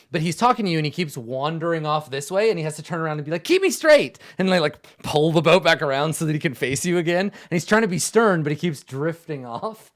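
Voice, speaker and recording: A man's voice: fairly high pitch, a bit bright. A man running a tabletop game as game master, narrating casually with lots of fillers and laughs.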